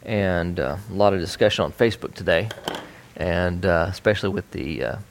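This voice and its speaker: A man leads a casual bible study, talking things through conversationally with many fillers and restarts. His voice sits on the low side. He speaks as a regular teacher to his group. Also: brisk, slight background noise.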